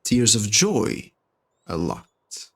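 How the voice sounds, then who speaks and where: A man's voice: fairly low pitch, sing-song, drawn-out words, creaky, breathy edge. A man giving chatty commentary as he plays a video game and talks to its characters. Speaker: let's-play host. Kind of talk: gameplay commentary. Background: faint game music.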